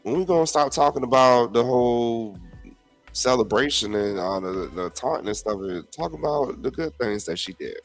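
A man hosting his own podcast, talking in a blunt, profane, animated rant to his listeners. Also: medium pitch, moderate pace, soft background music. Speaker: podcast host. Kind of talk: casual solo commentary.

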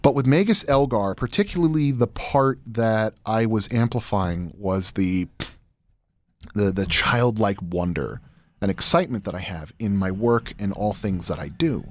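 A young man chatting as a podcast guest, excitable and rambling, full of restarts and fillers. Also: fairly low pitch, unhurried, no echo. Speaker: guest, audio drama creator. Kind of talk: casual chat.

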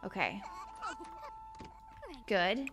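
A woman's voice: medium pitch, very animated, very slow, over music. A young woman hosting a casual let's-play, chatting animatedly with her viewers while she plays. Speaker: gaming channel host.

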